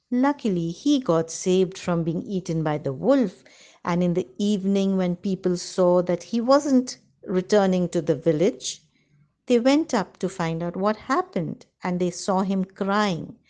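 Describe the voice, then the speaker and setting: A woman narrating a children's fable in an expressive storytelling manner, sometimes asking the listener questions. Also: mid-range voice.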